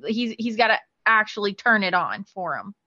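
Female host, casual storyteller, bright slightly high voice, muffled lo-fi recording. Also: very animated, normal speed. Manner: chatty, lots of "like" fillers. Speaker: podcast host.

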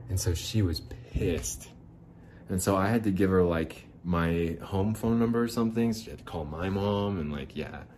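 In loose, casual chat, a man with a very low, slightly mellow voice rambles through a long personal story, swearing freely and imitating what others said. There's faint noise under the recording.

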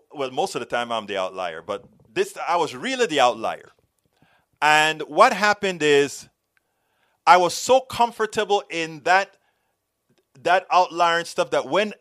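This middle-aged Panamanian man, speaking with a Panamanian accent in a slightly high, fairly bright voice, hosts a political show. During a live stream he reads viewer comments from the chat, rambling, restarting, and stumbling often.

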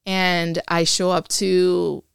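A woman in her forties tells a story from her past as an interview guest, lively and chatty. Her voice carries a gravelly fry. The sound is close and dry, with no room around it. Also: fairly low pitch, slow pace, no echo. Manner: animated storyteller who acts out remembered dialogue. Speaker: interview guest, Air Force veteran.

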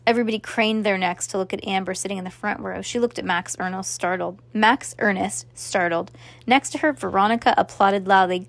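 A woman's voice: mid-range voice, brisk, vocal fry, dry recording. A woman reading a children's novel aloud, stopping now and then to chat and react to the story. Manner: chatty, breaks off to react to the story. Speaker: reader.

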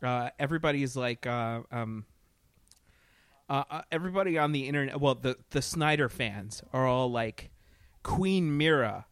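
A man chatting casually about a movie, animated and often laughing, mocking what he saw with quick impressions. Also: mid-range voice, smooth, no echo. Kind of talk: casual podcast movie chat.

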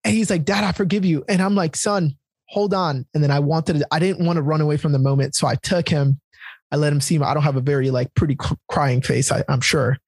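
A man's voice: on the high side, fast talker, darkish tone, slightly rough, dry recording. A man in his thirties hosting a podcast, telling a personal story candidly and with feeling in casual conversation. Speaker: podcast host.

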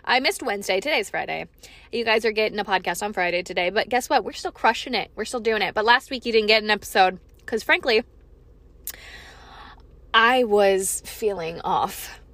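A young woman hosting her own podcast, talking frankly and emphatically, swearing freely as she opens up about feeling low. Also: moderate pace, a bit bright, no room sound. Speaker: podcast host. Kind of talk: candid solo podcast monologue.

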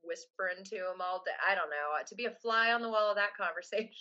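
A woman co-hosting a casual chat, retelling scenes in an animated, joking way. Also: medium pitch, fast talker, dull audio.

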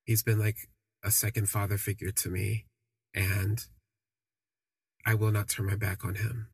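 A young man telling a personal story on a podcast, reflective and halting with frequent restarts. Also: fairly low pitch, flat delivery, gravelly, husky, no room sound.

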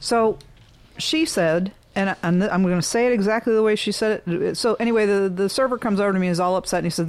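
A woman in casual conversation, telling a story bluntly with animated emphasis. Her voice sits in a middle pitch, and she clears her throat between thoughts. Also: fast. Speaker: realtor and bartender.

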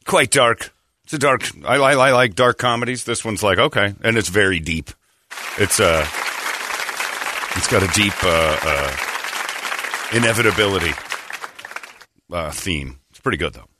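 A man hosting a morning radio show, chatting casually with rambling, animated storytelling. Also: fairly low pitch, moderate pace, long pauses, some chatter behind, a little hiss or hum. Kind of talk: casual chat.

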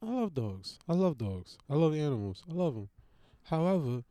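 A man's voice: on the high side, big pitch swings, moderate pace, mellow, no room sound, studio quality. A man hosting a podcast, rambling in a casual solo monologue with slangy, profane storytelling and repeated phrases. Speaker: podcast host.

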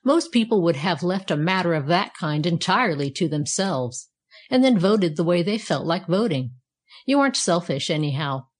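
A woman voicing a cheerful, self-satisfied talking fire poker in a read-aloud storybook, speaking calmly. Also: lowish voice, moderate pace. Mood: contented.

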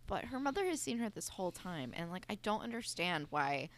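Low-voiced, lively young woman co-host. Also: fairly quick, slight background noise. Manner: animated, emphatic, rambling with many restarts. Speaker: podcast co-host. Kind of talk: casual chat.

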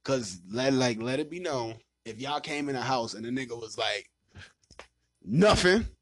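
A man hosting a casual podcast, ranting loudly and swearing as he vents about dating. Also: mid-range voice, normal speed, dry recording, studio quality. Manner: loud, profane and ranting. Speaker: podcast host.

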